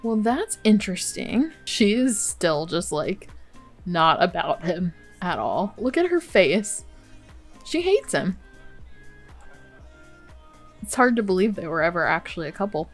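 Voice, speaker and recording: A woman's voice: lowish voice, very animated, a little slow, long pauses, soft background music. A woman hosting a Let's Play, giving casual, chatty gameplay commentary full of exclamations and laughter.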